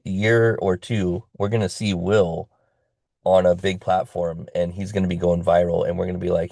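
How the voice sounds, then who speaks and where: Man, community call host, motivational and upbeat, lowish pitch, dry close sound. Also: little pitch movement, moderate pace, gravelly, mellow, no echo. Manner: hype-driven motivational pep talk. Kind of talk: casual online group call.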